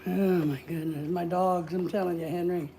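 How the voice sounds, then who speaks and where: A woman's voice: lowish voice, steady tone, moderate pace, warm tone, a little hiss or hum. Chatty woman hosting a livestream. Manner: rambling, chatty, reads viewer comments aloud. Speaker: livestream host. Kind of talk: casual livestream chat.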